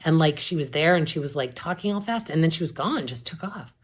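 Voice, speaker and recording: A woman's voice: deep voice, lively intonation, fairly quick, husky. A woman voicing a clumsy young man who stumbles over his words, in a storybook reading. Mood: flustered. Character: clumsy young guy, flustered beach party dude.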